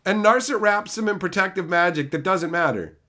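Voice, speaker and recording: A Canadian man in his thirties, with a high-pitched voice and a slightly fast delivery, is live-streaming and chatting with viewers. He rants animatedly with lots of profanity and answers people in chat by name.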